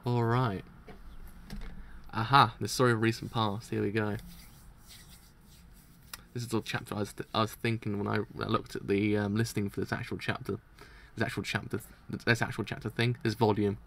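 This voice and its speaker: A man hosts a live manga reading, jumping in with excited, joking comments. His voice is gravelly, with light hiss in the background. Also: on the low side, normal speed, long pauses. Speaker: manga reader and reactor.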